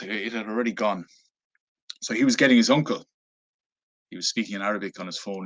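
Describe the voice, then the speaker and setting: Irish man, lowish voice, rambling travel anecdote, fillers and restarts. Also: a bit bright. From Ireland. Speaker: travel vlogger. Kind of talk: casual anecdote telling.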